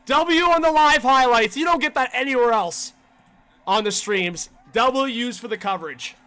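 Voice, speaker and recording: High bright-voiced excitable male streamer. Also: a little slow, smooth. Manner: excitable, shouts and yells on big plays; casual slangy talk to chat. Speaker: livestream host. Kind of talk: fan play-by-play commentary.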